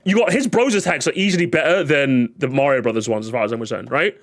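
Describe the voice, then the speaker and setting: A man streaming live, ranting in a casual, excitable way and swearing often. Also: medium pitch, quick pace. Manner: animated, excitable, swears a lot, repeats himself.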